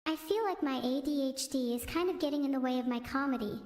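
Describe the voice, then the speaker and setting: High synthetic woman's voice, chatty. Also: fast talker, darkish tone. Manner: rambling and chatty, easily sidetracked. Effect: synthetic text-to-speech voice. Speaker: streamer host. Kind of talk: casual chat with stream chat. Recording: echoey room with long reverb.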